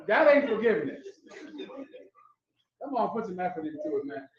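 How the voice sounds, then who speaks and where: A man hosting a live class, giving emphatic, preachy commentary in a loud, street-talking manner. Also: sits high, sing-song, normal speed, pauses often. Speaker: host teaching a class. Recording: echoey, muffled room sound.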